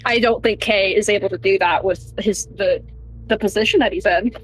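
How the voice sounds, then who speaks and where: A woman's voice: mid-range voice, normal speed, slight background noise, rough recording. A woman player in a tabletop game, talking casually with lots of fillers. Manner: chatty, lots of fillers, laughs easily.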